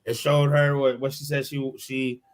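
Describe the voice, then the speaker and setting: A man's voice: medium pitch, little pitch movement, normal speed, poor audio. A man co-hosting a podcast in casual chat, rambling and correcting himself as he talks. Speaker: podcast co-host.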